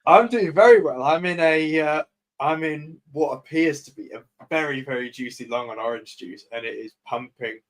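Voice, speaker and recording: Relaxed man guesting on a stream. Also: fairly high pitch, moderate pace. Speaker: guest trader. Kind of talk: casual livestream chat.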